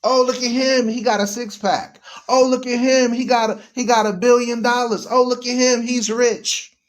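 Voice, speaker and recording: A man's voice: very high-pitched, fairly even intonation, normal speed, pitched above the performer's own voice. A man putting on a gushing starstruck woman. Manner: gushing, breathless repetition. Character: starstruck young woman chasing a rich man.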